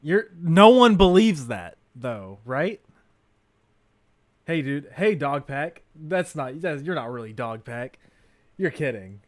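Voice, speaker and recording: A man hosting a livestream, reacting to a video with crude, mocking commentary that swings between loud outbursts and mutters. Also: fairly high pitch, sing-song, slow pace, no echo.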